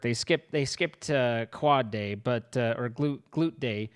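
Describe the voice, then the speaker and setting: A man's voice: mid-range voice, slow, clean tone. A man casually talking through a multiplayer game with a teammate, joking and rambling as he plays. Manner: playful, rambling banter. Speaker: gaming video host. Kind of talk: casual gaming chat.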